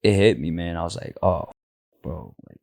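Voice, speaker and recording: Very deep-voiced slangy man. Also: expressive, moderate pace, gravelly, a little mellow, no echo. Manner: slangy, says "bro" constantly. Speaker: podcast co-host. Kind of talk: casual storytelling. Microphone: handheld mic.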